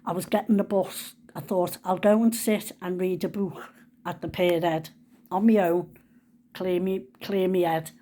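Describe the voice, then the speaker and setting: A woman's voice: lowish voice, steady tone, measured pace, mellow. A woman. She tells a personal story casually, in a chatty, homely manner with everyday dialect.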